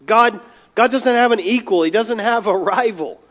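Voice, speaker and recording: A man's voice: high-pitched, moderate pace. A man preaching a sermon in an earnest, emphatic way, often repeating and restarting words. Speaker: pastor. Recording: dull lo-fi sound.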